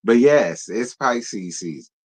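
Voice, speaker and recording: A man's voice: on the low side, takes it slowly. A man hosting a live-stream review show, talking casually and sassily to his viewers. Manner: sassy, animated, talks straight to his viewers.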